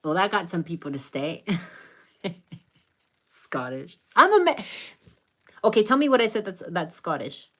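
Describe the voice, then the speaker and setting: A woman's voice: on the low side, expressive, a little fast, husky. A middle-aged American woman with a Hispanic Latin accent, hosting a live stream, greeting viewers by name and giving earnest, reflective spiritual advice. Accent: American English with a Hispanic Latin accent. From United States.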